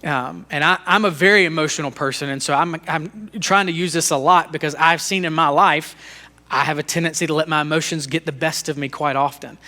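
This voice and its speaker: A man teaches on a faith-based leadership podcast in a relaxed, conversational way. His voice sits a little high and sounds bright and forward. He speaks openly about his own struggles and often repeats words as he finds his thought. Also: brisk. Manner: earnest, conversational, self-disclosing; repeats words and restarts sentences. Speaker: podcast co-host.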